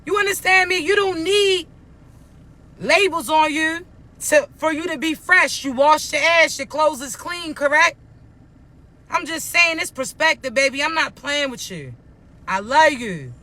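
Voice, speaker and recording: A man's voice: very high-pitched, lively intonation, a little slow, pushed and bright. A man giving a blunt, profane spiritual pep talk to his viewers, often repeating that he isn't playing. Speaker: spiritual motivational speaker. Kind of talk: preachy motivational monologue to viewers.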